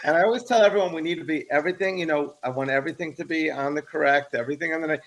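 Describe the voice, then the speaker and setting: A man co-hosting a casual sports podcast over a video call, telling animated stories and acting out his own yells. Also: a little high, rapid-fire, gravelly. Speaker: podcast co-host.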